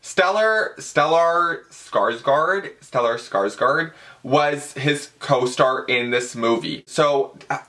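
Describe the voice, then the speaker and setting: A young man telling a story in a casual vlog, gushing and chatty, calling his viewers "girl" and dropping "like" into every line. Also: medium pitch. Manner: dramatic, excitable fan. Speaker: vlogger.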